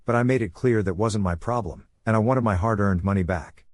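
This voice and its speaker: A man giving a steady, scripted narration of a story. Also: lowish voice, fairly quick, no echo, studio quality.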